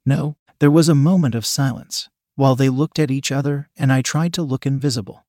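A man reads a first-person story aloud in a quiet, even voice. His pitch sits in a plain middle range. The sound is close and completely dry. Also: a little fast, no echo. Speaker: narrator.

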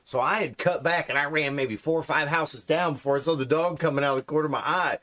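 A man in his forties, a podcast co-host telling profane, animated stories in casual comedic chat. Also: on the high side, quick pace. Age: 40s.

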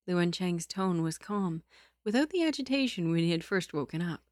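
Woman reading a novel aloud, lowish and dry. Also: expressive, normal speed, a little mellow, no room sound. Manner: giggly, self-deprecating chatter between readings. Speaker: story reader and streamer.

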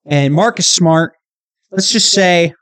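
Upbeat guy rambling on his solo podcast, kinda high voice, keeps asking okay? right?. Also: takes it slowly. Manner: animated, checks in with the listener with "okay?" and "right?". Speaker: podcast host. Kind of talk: casual solo podcast chat.

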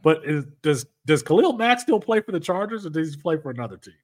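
A man's voice: fairly high pitch, sing-song, fast talker. A man hosting a sports podcast in casual chat, rambling with many restarts. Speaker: podcast host.

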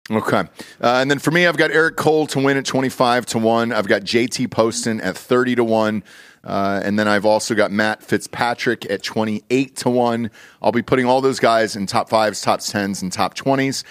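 A man's voice: medium pitch, normal speed, clean tone, dry recording, studio quality. A man hosting a casual golf betting podcast, joking and swearing as he talks. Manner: profane, joking, animated. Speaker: podcast host.

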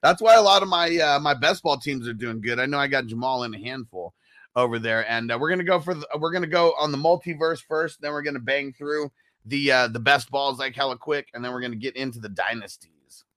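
A man's voice: medium pitch, brisk, a bit bright, no echo. A young man hosting a fantasy football stream, talking in a slangy, laid-back way and reading viewer comments aloud. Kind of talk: casual stream chat.

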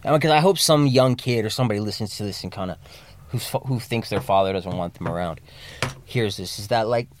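A man speaking as a podcast guest, candidly, with plenty of swearing and restarts, dropping low and quiet at emotional moments. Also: fairly quick, a little hiss or hum. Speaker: podcast guest, recovery coach. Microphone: studio mic.

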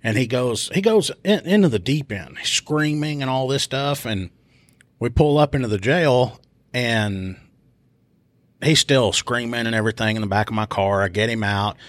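A man, a police officer and podcast host, telling a casual story about an arrest, animated and swearing freely as he acts out voices. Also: mid-range voice, moderate pace, no echo.

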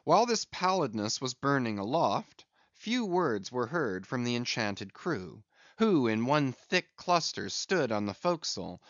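A man reading a classic sea novel aloud as narrator, in an expressive, measured storytelling manner. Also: mid-range voice, no room sound. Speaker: audiobook narrator. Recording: dry, slightly dull recording.

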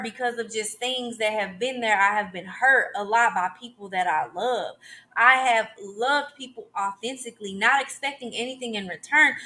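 Emphatic bright-voiced woman in her thirties. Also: on the high side. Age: 30s. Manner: emphatic, preachy, repeats "okay?" to the listener. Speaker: podcast host. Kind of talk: motivational solo talk.

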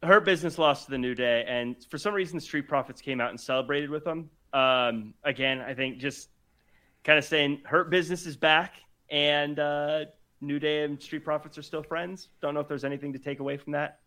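A man co-hosting a wrestling podcast in easy, conversational chat. His voice is bright and sits a little high. He laughs readily between points. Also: steady tone, moderate pace. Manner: easygoing, laughs often. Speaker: podcast co-host.

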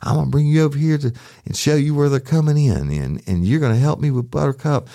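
Man playing a loud, foul-mouthed country woman, pitched way up, dry close mic. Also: fast, gravelly, dry recording. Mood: insistent. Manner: shrill, cursing, defiant.

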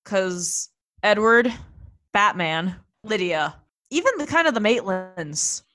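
A woman's voice: medium pitch, lively intonation, slow, a bit bright. A young woman co-hosting a movie podcast, wry and thoughtful with dry humor. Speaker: podcast co-host. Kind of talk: casual movie chat.

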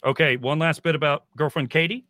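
A man's voice: fairly high pitch, fairly even intonation, brisk, pushed and bright, no echo. A man co-hosting a casual film podcast, chatty and given to teasing anecdotes. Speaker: podcast co-host.

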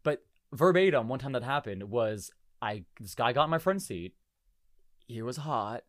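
Young man, podcast host, animated storytelling, dry sound, mid-pitched voice. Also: normal speed, no echo. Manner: animated storytelling, laughing, acting out quotes. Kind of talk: casual chat.

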